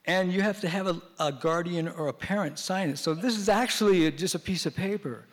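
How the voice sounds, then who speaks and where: A man's voice: sits high, brisk, few pauses, in a large hall. A middle-aged man telling a story on stage in a stand-up style, acting out the voices of the people in it. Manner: animated, acts out the voices in his story.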